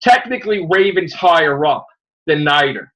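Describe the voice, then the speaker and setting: Higher-voiced man rambling through a review. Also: normal speed, low-quality recording. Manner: rambling, animated plot retelling. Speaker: podcast host. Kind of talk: casual review chat.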